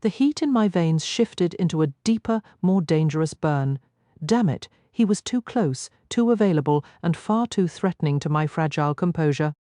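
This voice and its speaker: A woman narrating a first-person romance audiobook in an expressive, intimate storytelling manner. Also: deep voice, moderate pace, no room sound, clean studio sound.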